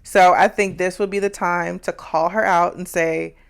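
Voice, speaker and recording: A woman co-hosting a casual show recap, giving measured relationship advice. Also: fairly low pitch, fairly even intonation, creaky. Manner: measured, gives advice, laughs along. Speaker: co-host.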